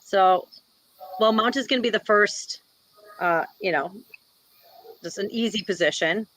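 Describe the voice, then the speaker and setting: Woman, casual, filler-heavy, mid pitch, dry recording. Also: unhurried, fairly bright tone, no echo, low-quality recording. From Wisconsin, US. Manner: chatty, many "like" and "you know" fillers. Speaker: guest, jiu-jitsu black belt and instructor. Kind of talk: casual interview talk.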